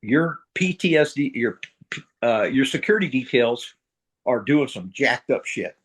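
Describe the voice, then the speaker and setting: A middle-aged retired Marine sergeant major from middle America, telling war stories in a blunt, profane way and acting out the dialogue. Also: male voice, medium pitch, expressive, measured pace, slightly rough. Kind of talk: casual storytelling interview.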